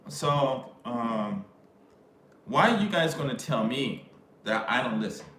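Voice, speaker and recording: Middle-aged male vlogger, rambling slangy rant, bursts loud now and then, echoey room. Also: medium pitch, expressive, takes it slowly. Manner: loose, rambling, slangy, with sudden raised outbursts. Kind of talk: casual rant to camera. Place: living in Japan. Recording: echoey room with faint ambient noise.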